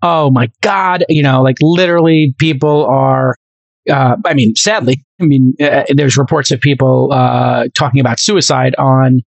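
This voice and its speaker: A man co-hosting a podcast in casual chat, talking in an animated, emphatic and rambling way. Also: mid-range voice, normal speed, gravelly, no room sound. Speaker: podcast co-host.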